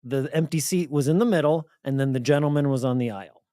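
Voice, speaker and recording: A man's voice: medium pitch, fast talker, dark tone, no echo, clean studio sound. A man co-hosting a radio show, telling a story in casual chat and acting out the quotes. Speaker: radio co-host.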